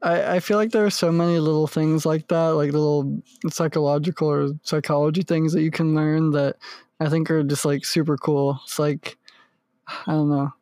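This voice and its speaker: A young man in a relaxed chat who laughs along and agrees often. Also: on the high side, normal speed, clean tone, no echo. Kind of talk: casual chat.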